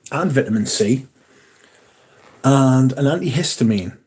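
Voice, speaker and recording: A man's voice: medium pitch, normal speed, warm tone. A man hosting a casual livestream from home, rambling and swearing freely as he reads viewer comments aloud and answers them. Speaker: fragrance livestream host.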